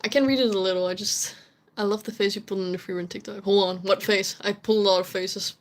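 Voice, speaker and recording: A woman's voice: medium pitch, steady tone, fast talker. Young woman, from the Netherlands, native Dutch speaker, casual streamer chat, chatty, giggly, gropes for words. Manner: chatty, laughs often, searches for English words.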